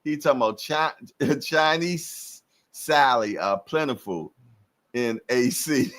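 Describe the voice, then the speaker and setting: A man's voice: mid-range voice, takes it slowly, a bit bright. A man in his fifties hosting a live stream, chatting casually with viewers in laid-back slang and laughing often. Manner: laughs often between lines.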